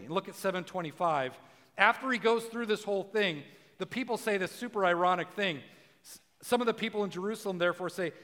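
A man preaching a casual sermon, chatting with his congregation and acting out quotes, rising to shouts for emphasis. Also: high voice, a little fast, in a large hall. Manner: conversational, acts out quotes, rises to shouting for emphasis. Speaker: pastor.

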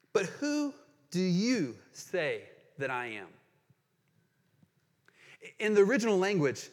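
A man preaching a sermon as pastor, earnest and emphatic, reading quotations aloud and pausing to explain them. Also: sits high. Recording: long hall reverb.

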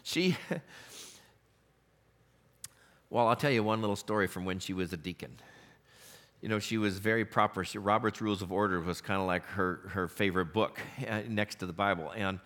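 Bright-voiced man preaching with stories. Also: on the low side, moderate pace, pauses often. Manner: storytelling, warm humor, laughs often. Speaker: pastor. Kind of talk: sermon. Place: church sanctuary.

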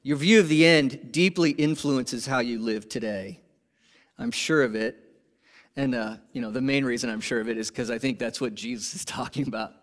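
A man preaching a sermon to his congregation, animated and conversational, asking rhetorical questions and swinging from emphatic peaks to quiet lows. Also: normal speed. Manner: animated, rising to emphatic peaks then dropping low. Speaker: pastor.

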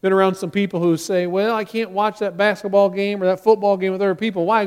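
Male pastor, sermon, high voice, animated delivery, acts out quotes, church sanctuary. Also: fast talker, clean tone. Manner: animated preaching, acts out quotes with rising force.

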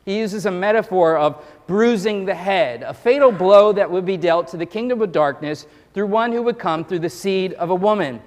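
A man's voice: high voice, animated, normal speed, few pauses. A male pastor giving a sermon in a conversational, joking storytelling manner. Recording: long hall reverb.

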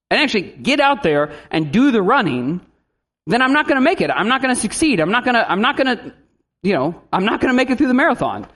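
Lively man preaching a sermon. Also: high-pitched. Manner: lively preaching, animated asides and acted-out quotes. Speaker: pastor.

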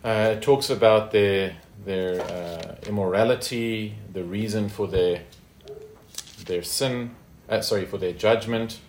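Low-voiced man teaching scripture. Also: a little slow, echoey room, a little hiss or hum. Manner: conversational, with frequent fillers and tag questions. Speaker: Bible teacher. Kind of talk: informal Bible study teaching.

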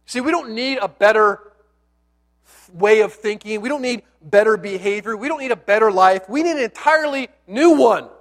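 A high-pitched male pastor delivers his sermon at a moderate pace, animated and conversational, weaving in playful asides as he tells stories. Important words come out in a near hush.

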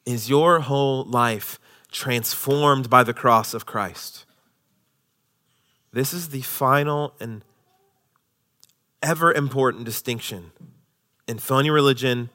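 A male pastor preaching a sermon, swinging from loud, emphatic lines to hushed, near-whispered ones. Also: medium pitch, slow pace, pauses often.

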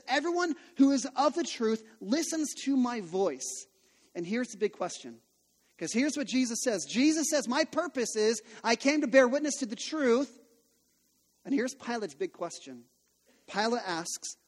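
A male pastor in his thirties delivers a sermon with a notably high voice, mixing personal stories with repeated rhetorical questions. His voice rings out with a long hall reverb, as if in a church auditorium. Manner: conversational storytelling with rhetorical questions.

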